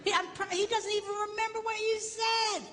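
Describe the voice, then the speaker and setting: A man's voice: extremely high pitch, a little fast, some chatter behind, a little hiss or hum. A middle-aged man, a pastor, giving a comedic marriage seminar to an audience, telling stories and teasing the listeners. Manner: animated storytelling, teasing the audience. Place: large hall before an audience. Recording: reverberant hall.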